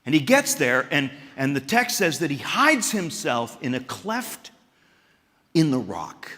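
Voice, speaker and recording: A man preaching a chapel sermon, animated and questioning the audience, with stammered restarts and sudden jumps in pitch and loudness. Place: large chapel hall. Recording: echoey hall.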